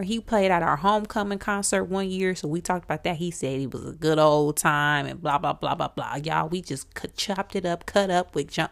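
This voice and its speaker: A woman in her forties hosts a casual podcast and tells her stories with lively bursts of emphasis. Her voice sits a little low, and she sounds excitable and animated. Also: gravelly. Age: 40s. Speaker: podcast host. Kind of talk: casual storytelling.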